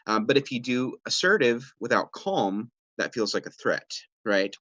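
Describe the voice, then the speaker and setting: Presenting a parenting webinar from a home or office, a man explains things casually and conversationally, with frequent "right?" check-ins and fillers, acting out quoted lines. His voice is fairly low, his pace moderate with few pauses, and there's no echo.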